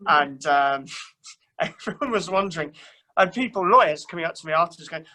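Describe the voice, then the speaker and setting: Fairly high and animated, this young Englishman's voice comes across brisk, bright and forceful despite the low-quality recording. A church youth worker, he chats casually, runs himself down, and often fills or restarts his sentences.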